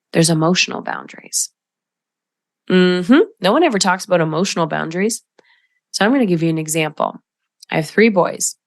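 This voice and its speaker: A middle-aged woman coaching listeners on her own podcast, in a slightly low voice. She talks directly and emphatically and slips into quoted voices. The sound is dry and close to the mic. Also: no room sound. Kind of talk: solo podcast talk.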